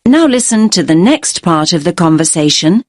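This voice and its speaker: A woman gives listening test instructions in a calm, measured way. Her voice sits somewhat low, and the recording is close and dry. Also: dry recording. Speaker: test narrator. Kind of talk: scripted exam instructions.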